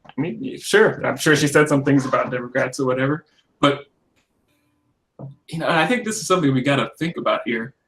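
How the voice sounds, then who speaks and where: A man's voice: mid-range voice, lively intonation, brisk, a bit bright. Blunt, profane male podcast co-host. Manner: blunt, profane, laughs mid-sentence. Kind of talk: casual political chat.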